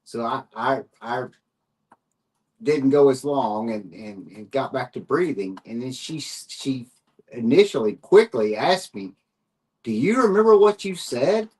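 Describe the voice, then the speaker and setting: A man with a Texan accent, a paranormal investigator, chiming in on an interview in a halting way that repeats words. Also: mid-range voice, expressive, a little mellow, recorded from a distance. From United States. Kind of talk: conversational interview.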